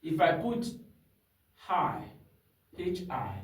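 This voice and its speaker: Male voice coach, high-ish voice, patient instructive delivery, echoey room with a distant mic. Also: very animated, extremely slow. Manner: instructive, checks in often with "hmm?" and "you understand?". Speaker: singing teacher. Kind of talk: singing lesson with demonstrations.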